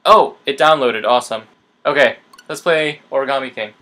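A young man casually commenting on a video game he is playing, excitable and talking to his viewers. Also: medium pitch, normal speed. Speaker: let's play gamer. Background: game music.

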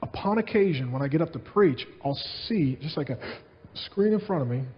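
A man preaching a sermon as pastor, telling stories in an animated way and repeating his phrases. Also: fairly high pitch, a little fast, highs cut off.

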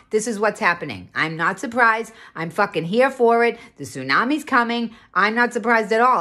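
A woman's voice: a little high, a bit bright. A woman on a profane, sarcastic rant to camera, indignant and hammering her points home by repeating them. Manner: sarcastic, indignant, swears often; repeats phrases for emphasis.

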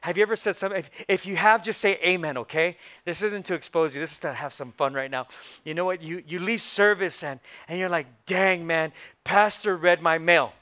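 A man preaching a sermon in a church, playful and animated, acting out how churchgoers react. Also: sits high, fairly quick. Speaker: pastor. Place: church sanctuary.

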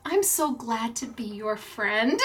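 Middle-aged female craft host, slightly high, unhurried, gushing and emotional, laughs a lot. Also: expressive, a bit bright, slightly rough. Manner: gushing, emotional, laughs often, slow and fond. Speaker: craft store owner and host. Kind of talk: unboxing and showing crafts on a class video. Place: her retail craft store.

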